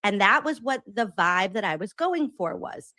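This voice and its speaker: A woman's voice: medium pitch, animated, normal speed, bright, forceful tone, dry recording. A woman explaining herself in a played clip, emphatic and defensive, with swearing.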